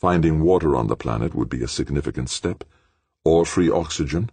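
A man's voice: rumbling low, fairly quick, darkish tone, slightly rough, no room sound, pitched above the performer's own voice, exaggerated voice. A man voicing an eager, self-focused male scientist who talks earnestly.

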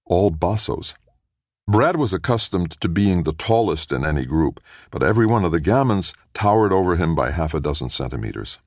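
A man with a low voice narrates an audiobook, reading a script in a steady, measured storytelling style. The recording is dry and studio quality.

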